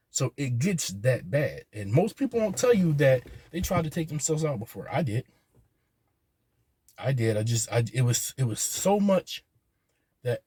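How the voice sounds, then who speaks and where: A man, speaking earnestly in a halting personal monologue, often repeating his words. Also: mid-range voice, a little mellow, breathy edge, no room sound. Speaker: vlogger.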